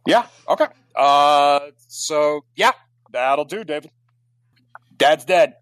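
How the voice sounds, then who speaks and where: A man's voice: a little high, animated, slow pace, fairly bright tone, clean tone, dry recording, rough recording. A man running a tabletop game as game master, chatting loosely and reading out rules.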